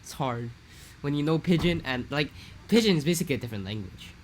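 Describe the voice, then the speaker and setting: A young man from Hawaii, telling a rambling, animated story in a casual podcast chat. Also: fairly high pitch, fast, a little hiss or hum. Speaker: podcast co-host.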